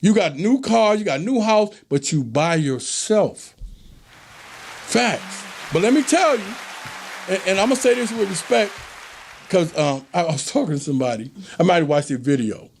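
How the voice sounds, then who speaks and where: Man, host; high, gravelly voice; emphatic, preachy monologue. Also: expressive, moderate pace. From American South. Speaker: show host. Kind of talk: casual monologue.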